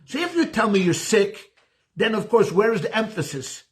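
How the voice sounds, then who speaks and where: A rabbi gives a class in an easy, conversational manner. His voice sits high for a man, and he likes to hammer points home by repeating words and throwing out rhetorical questions. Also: normal speed. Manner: animated, repeats phrases for emphasis, asks rhetorical questions. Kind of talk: conversational lecture.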